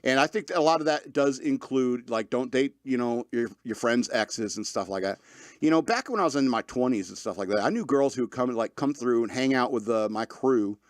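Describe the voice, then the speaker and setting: A man's voice: medium pitch, a little fast, dry recording, studio quality. A man in his thirties hosting a podcast, rambling loosely through a casual monologue, joking and laughing often, with lots of fillers. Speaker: podcast host.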